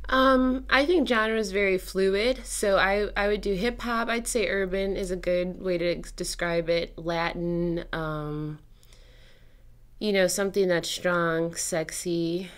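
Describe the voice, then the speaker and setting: A woman's voice: fairly low pitch, slow. A young adult woman, a guest musician, talking in a loose, chatty way with lots of casual fillers during an interview.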